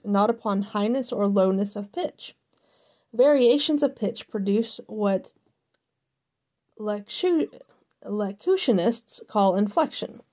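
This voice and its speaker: A woman's voice: medium pitch, warm tone. A woman reading encyclopedia entries aloud as host, careful and sometimes stumbling over words, with casual asides between entries.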